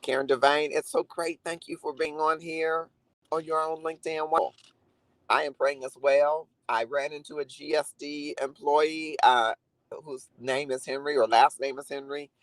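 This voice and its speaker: A man's voice: a little high, fairly even intonation, moderate pace, fairly bright tone, no room sound, rough recording. A man talking earnestly and reflectively to viewers on a live stream, greeting commenters by name. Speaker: livestream host. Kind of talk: casual live chat to viewers.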